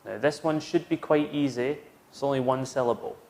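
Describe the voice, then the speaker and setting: A man's voice: mid-range voice, fairly even intonation, normal speed, darkish tone. A British man teaching English vocabulary, patiently modelling words for learners to repeat. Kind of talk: slow, clear classroom instruction.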